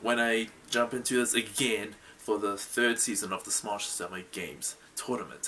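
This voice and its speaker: A man's voice: lowish voice, steady tone, normal speed, hardly any pauses, bright, forceful tone, a little hiss or hum. A man hosting a solo talk-show style commentary video, rambling and repeating his phrases with many fillers.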